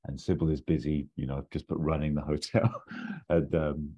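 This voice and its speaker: A man chatting casually and pitching a story idea, rambling and hesitant with many restarts, on a dull lo-fi recording. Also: little pitch movement, moderate pace, slightly rough.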